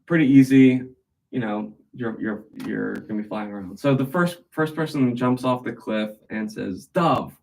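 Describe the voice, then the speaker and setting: A man's voice: mid-range voice, normal speed, vocal fry, darkish tone, a little hiss or hum, low-quality recording. Tired man rambling through jokes. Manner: rambling, with many fillers and restarts. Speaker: livestream host. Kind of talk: casual joke telling.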